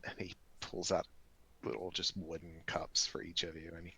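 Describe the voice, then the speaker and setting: A man narrating as game master in a relaxed, rambling way. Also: deep voice, moderate pace, vocal fry, breathy edge.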